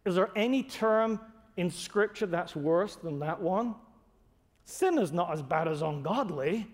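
Male pastor, high voice, earnest emphatic sermon delivery in a church sanctuary. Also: expressive, measured pace. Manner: emphatic, earnest, builds to raised stresses. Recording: long hall reverb.

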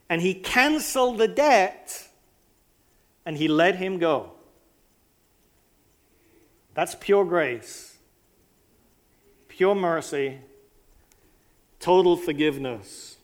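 High-voiced man preaching a sermon. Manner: conversational, asks the listeners rhetorical questions.

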